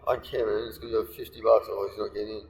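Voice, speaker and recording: Gravelly man in an echoey room. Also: on the low side, level tone, rapid-fire, darkish tone, a little hiss or hum. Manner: rambling crude storytelling, laughs often. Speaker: podcast co-host. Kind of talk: crude casual chat. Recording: echoey room with long reverb, faint ambience.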